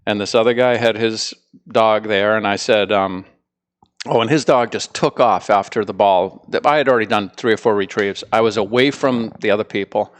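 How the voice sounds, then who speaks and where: A man's voice: lowish voice, fairly even intonation, moderate pace. A man co-hosting a casual podcast, laid-back and teasing, playing devil's advocate and telling long anecdotes. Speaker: podcast co-host, dog trainer.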